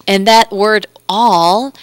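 A woman's voice: mid-range voice, takes it slowly, clear, resonant tone, no room sound. A woman interpreting a doctor's lecture that mixes health teaching with Bible readings, speaking earnestly and steadily.

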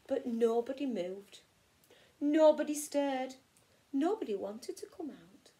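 A woman teacher from England reading a children's picture book aloud in an expressive storytelling way. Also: sits high, slow. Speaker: primary school teacher.

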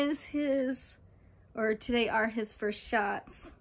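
Young woman, high voice, talks slow, giggly baby talk to her little one. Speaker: parent filming her baby. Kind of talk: casual home vlog, baby talk.

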